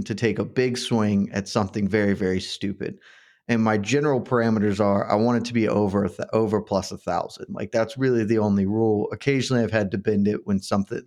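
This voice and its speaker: A man co-hosting a betting podcast, telling stories in an animated, laughing way. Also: lowish voice. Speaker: podcast co-host. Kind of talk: casual betting chat.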